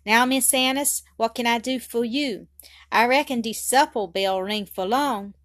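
A woman's voice: on the high side, unhurried, fairly bright tone, no room sound, clean studio sound. A woman doing a fussy old nursemaid. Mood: fussing fondly. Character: elderly Southern nursemaid woman, doting and fussy.

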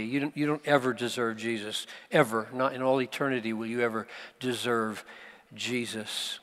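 A man preaching a sermon at a conference, slow and emphatic, with dramatic pauses. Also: mid-range voice, fairly even intonation, a bit bright. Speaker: pastor. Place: large conference hall. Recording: live hall recording with long reverb.

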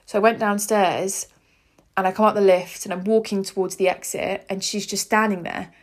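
A woman's voice: mid-range voice, little pitch movement, normal speed. Earnest young woman telling a story. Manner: earnest, heartfelt, chatty with many "like"s. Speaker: podcast host. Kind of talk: personal storytelling monologue.

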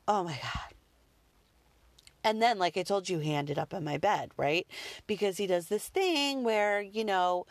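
A woman's voice: mid-range voice, measured pace, no room sound. Woman, mother, casual candid chat; rambling delivery, dry close recording. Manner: candid, rambling, full of "like" and "you know".

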